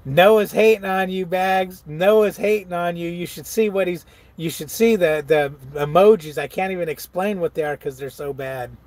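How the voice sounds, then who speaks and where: A man's voice: high voice, normal speed, darkish tone, no echo. A truck-driving man in casual live-stream chat, laid-back, laughing often and reading viewer comments aloud. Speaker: truck driver vlogger.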